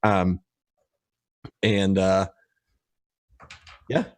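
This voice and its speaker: A man narrating a tabletop role-playing game as game master, relaxed and often pausing on fillers. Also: low voice. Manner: relaxed, hesitant with many fillers.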